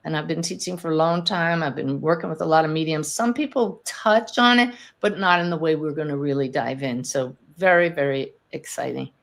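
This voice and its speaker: Podcast host, woman, medium; lower-pitched, warm storytelling energy, chatty, laughs easily. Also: brisk, gravelly, hardly any pauses. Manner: enthusiastic, chatty, laughs often. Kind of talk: live Q&A podcast, teaching and storytelling.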